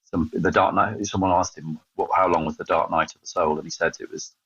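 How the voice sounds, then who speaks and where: English man, 50s, guest storyteller. Very low husky voice, rapid delivery, dry close sound. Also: no room sound. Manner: animated storyteller, quick and self-mocking. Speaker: podcast guest, evangelist. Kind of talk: storytelling in a casual interview. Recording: dull, slightly lo-fi sound.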